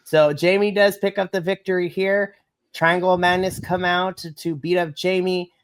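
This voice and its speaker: A woman co-hosting a wrestling podcast, reviewing matches in gushing, animated casual chat that breaks into shouts of excitement. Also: lowish voice, moderate pace, clean tone, dry recording.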